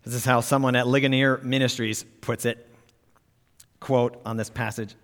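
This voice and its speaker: A man's voice: medium pitch, steady tone, a little slow, vocal fry, fairly bright tone. A man preaching a sermon as pastor, emphatic and pushing up on key words, asking his listeners direct questions. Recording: reverberant hall.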